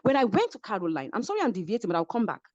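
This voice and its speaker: Nigerian woman talking fast, big swoopy voice, dramatic storytelling, slightly muffled call audio. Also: mid-range voice, huge pitch swings, a little mellow, no room sound. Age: middle-aged. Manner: dramatic, keeps asking "do you understand?". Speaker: reality show cast member guest. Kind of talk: animated storytelling in an interview. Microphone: remote call.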